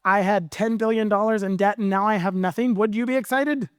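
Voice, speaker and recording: Man playing a gushing, overjoyed freed servant, high and lifted, dry sound. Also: brisk, smooth, no echo, lightly acted. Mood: elated. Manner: excited, gushing.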